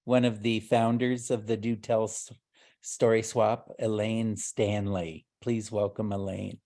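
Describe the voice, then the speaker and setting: A man's voice: fairly low pitch, level tone, unhurried, warm tone. A man hosting a storytelling swap, introducing the next teller. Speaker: host.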